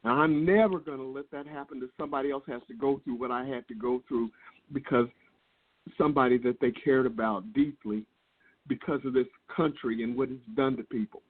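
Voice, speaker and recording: Earnest, laid-back male guest with a husky tone, heard over a thin phone line. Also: mid-range voice, fairly even intonation, a little fast. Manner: laid-back, earnest, circles back on his words. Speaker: guest speaker. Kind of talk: business call interview.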